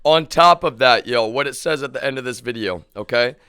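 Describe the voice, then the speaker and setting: A man streaming live, ranting in an agitated, profane way at his viewers, dropping to low mutters and then bursting into shouts. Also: fairly quick, smooth, no room sound, clean studio sound. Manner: agitated, profane, keeps addressing viewers as "y'all"; swings between low muttering and shouted outbursts.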